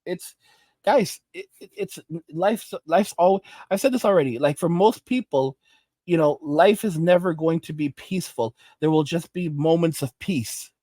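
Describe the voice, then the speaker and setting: A man's voice: fairly high pitch, lively intonation, measured pace, dark tone, no room sound. A man hosting a commentary channel, ranting in an exasperated, lecturing way with frequent restarts.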